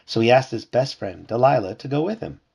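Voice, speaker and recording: A man reading a storybook aloud to his child at home, lively and putting on character voices. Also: mid-range voice, a little fast, gravelly, breathy edge.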